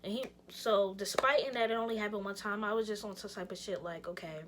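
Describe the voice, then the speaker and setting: A young woman vlogger telling a personal story in an animated, slangy way, speaking straight to her viewers and swinging between loud outbursts and hushed near-whispers. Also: mid-range voice, quick pace, noisy background. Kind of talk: casual storytime vlog.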